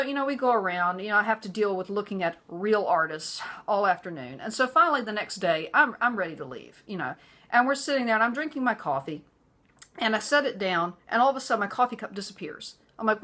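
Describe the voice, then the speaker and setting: Animated, chatty woman vlogger. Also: medium pitch. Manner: chatty, full of "you know" fillers, animated. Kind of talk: casual storytelling to camera.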